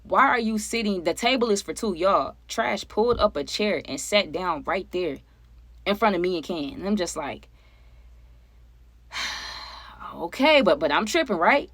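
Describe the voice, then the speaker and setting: A woman chatting casually to her viewers as she tells a personal story, animated and conversational, often asking them for their opinions. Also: fairly low pitch, normal speed, dry recording. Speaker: storytime vlogger.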